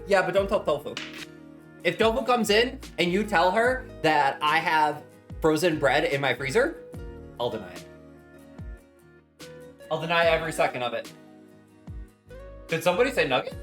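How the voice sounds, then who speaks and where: A young man chats live from his home kitchen as he bakes, his voice bouncing up and down with lively swings. He rambles happily and greets viewers with strings of hellos. Faint music sits underneath. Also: fairly high pitch, normal speed, long pauses. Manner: bubbly, rambling, greets chat warmly with repeated hellos. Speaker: streamer. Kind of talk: casual live-stream chat while baking.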